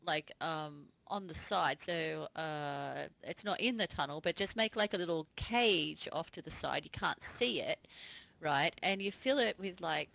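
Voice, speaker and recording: Excitable giggly woman, gravelly voice. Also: deep voice, a little slow, poor audio. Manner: excitable, giggly, bubbly questions. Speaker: podcast co-host. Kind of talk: casual chat.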